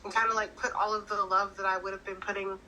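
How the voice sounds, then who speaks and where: A woman's voice: medium pitch, level tone, quick pace, pushed and bright, slight background noise, poor audio. A woman guest speaking hesitantly about her grief, with many fillers. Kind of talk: personal conversation.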